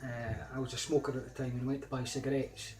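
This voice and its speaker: A middle-aged Scottish vlogger shares personal anecdotes in a loose, rambling style, turning emphatic whenever he relives old disputes. His mid-range voice is fast and flat, with a darkish tone.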